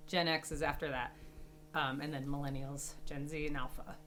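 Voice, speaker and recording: Low-voiced woman explaining. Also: little pitch movement, normal speed, a crowd in the background. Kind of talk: casual chat.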